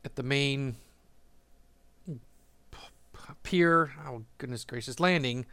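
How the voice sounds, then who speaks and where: Male storyteller, relaxed rambling delivery, chuckles often, dry close sound. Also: mid-range voice, slow pace, smooth, dry recording. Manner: rambling, laughs often, many fillers and restarts. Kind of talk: casual storytelling monologue.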